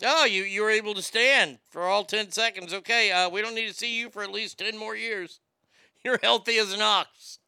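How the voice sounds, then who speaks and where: A man voicing an offhand doctor who quickly brushes off a patient. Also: sits high, gravelly, pushed and bright, smooth, dry recording, exaggerated voice. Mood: breezy. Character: breezy, dismissive male doctor.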